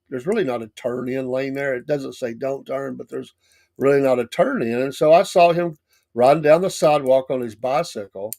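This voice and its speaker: A middle-aged man hosting a morning show, telling stories in a casual, animated way with lots of restarts. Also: on the high side, gravelly. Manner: animated, acts out quoted lines with laughs and restarts. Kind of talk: casual storytelling monologue.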